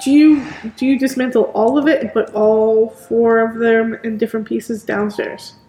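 A woman narrating as game master of a tabletop game, describing scenes in an unhurried way. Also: a little high, fairly even intonation, dark tone, a little hiss or hum. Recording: echoey room with background music.

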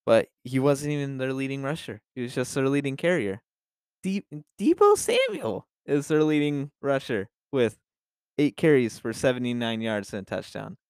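A man's voice: medium pitch, very animated, normal speed, a little mellow, smooth, no room sound, clean studio sound. Casual, profane male sports podcaster. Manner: loose and profane, with frequent restarts. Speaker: podcast co-host.

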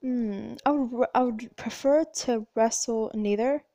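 A young woman vlogger chatting loudly and talkatively through would-you-rather questions. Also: fairly high pitch, unhurried, dry recording. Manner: chatty, animated, loud and talkative.

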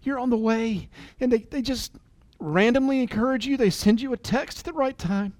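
A man in his forties giving an earnest, emotional motivational talk, at times dropping to a soft near-whisper. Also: extremely high pitch, brisk, no room sound. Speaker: business leader and motivational speaker.

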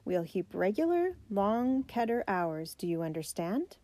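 A woman's voice: mid-range voice, sing-song, a little slow, mellow. A woman voicing a stern grandfather who teaches, curt and strict, in a storybook reading.

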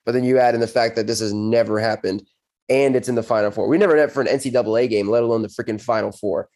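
A hoarse man co-hosting a casual sports chat, excited and rambling. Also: mid-range voice, fast.

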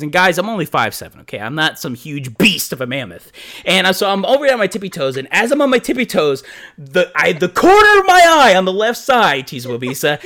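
A man's voice: high-pitched, a bit bright. A man co-hosting a podcast, telling a story in a casual, profane way and acting out his own reactions. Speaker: podcast co-host.

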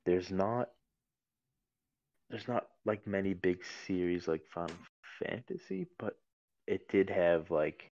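A man's voice: low voice, animated, slow, a little mellow, no echo, muffled recording. A man talking casually about video games on a podcast, rambling with many fillers and restarts. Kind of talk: casual chat.

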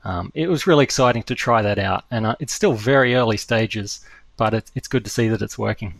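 A man with a gravelly voice answers interview questions in a casual, thoughtful way, often pausing and restarting. The recording is dry, with no room sound. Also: fairly low pitch, dry recording. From Australia. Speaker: guest, startup CEO.

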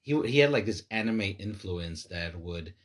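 Young man, podcast host, husky voice, casual rambling banter. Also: deep voice, animated, moderate pace. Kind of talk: casual chat.

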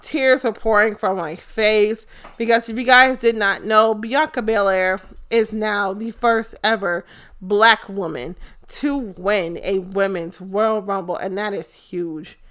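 A woman giving a casual, excited and profane recap of a wrestling event, rambling with lots of fillers. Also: mid-range voice, slow pace. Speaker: fan commentator.

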